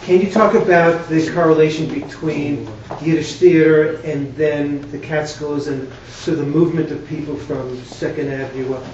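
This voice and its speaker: A man's voice: fairly high pitch, fairly even intonation, normal speed, a little mellow, slight background noise. An older man in the audience asking a question, a little hesitant with fillers. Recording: echoey hall, distant dull mic.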